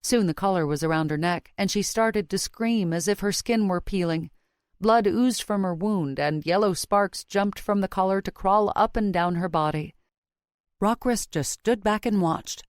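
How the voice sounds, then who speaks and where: A woman narrating a fantasy audiobook in the first person with a steady, measured reading. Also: mid-range voice, smooth, dry recording, studio quality.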